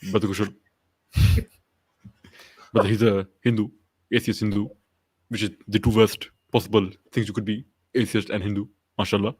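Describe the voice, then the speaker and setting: A man doing a comic impression of a pompous male preacher, speaking slowly in a deep, mock-solemn voice. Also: flat delivery, a little mellow, slightly rough. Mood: mock preachy. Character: pompous middle-aged male preacher lecturing a critic.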